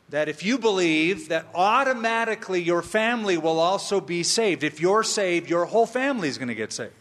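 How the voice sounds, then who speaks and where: A man preaching from the pulpit at an unhurried, deliberate pace, his fairly high voice trailing off into the long echo of a big church sanctuary. He leans hard on repeated phrases and slips in dry humor between points. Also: fairly bright tone. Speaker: pastor. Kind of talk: sermon. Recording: long reverb of a large hall.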